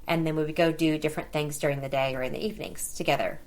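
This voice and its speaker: A woman's voice: sits low, fairly even intonation, quick pace. A middle-aged woman hosting a podcast, telling a personal story in a conversational way and bringing the dialogue to life as she retells it. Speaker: podcast host.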